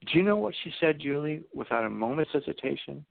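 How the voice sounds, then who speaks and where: A man's voice: on the high side, lively intonation, fast, vocal fry, dry recording. A man telling stories as a radio guest, acting out the people in them. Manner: anecdotal, acts out the people in his stories. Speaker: radio guest, seminar teacher. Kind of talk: storytelling on a radio call-in. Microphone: telephone. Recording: tinny phone line, dry.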